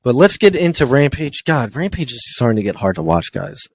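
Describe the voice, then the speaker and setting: A man's voice: mid-range voice, very animated, brisk, creaky, slight background noise, poor audio. A man co-hosting a casual wrestling podcast, running through news with lots of ums and uhs. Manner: rambling with frequent ums and uhs. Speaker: podcast co-host.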